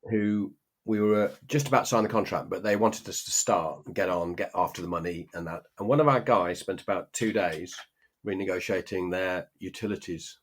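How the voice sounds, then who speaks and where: A man's voice: low voice, normal speed, husky. A middle-aged man co-hosting a podcast in casual chat, emphatic and anecdotal, acting out quoted exchanges. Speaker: podcast co-host.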